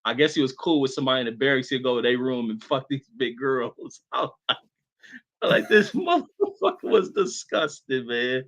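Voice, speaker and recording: A man's voice: mid-range voice, level tone, brisk, fairly bright tone. A man reminiscing loosely and profanely in casual chat.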